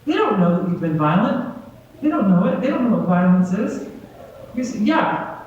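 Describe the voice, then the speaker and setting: A woman guest speaker chats with a gathering in a large community hall, checking in with "right?". She's medium-pitched, sing-song and darkish at a moderate pace, recorded distant and dull in the echo, with slight background noise.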